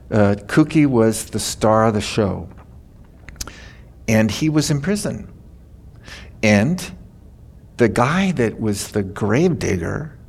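A man's voice: fairly low pitch, creaky, a little mellow, husky. An older man preaching a sermon, telling stories in a folksy, chatty way. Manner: folksy storytelling, laughing at his own stories. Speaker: pastor.

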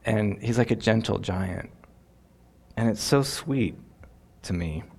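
Slow, reflective man teaching Scripture. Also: on the low side, vocal fry, a little mellow. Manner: reflective and earnest, lingering on phrases. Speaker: Bible teacher. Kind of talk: devotional Bible teaching.

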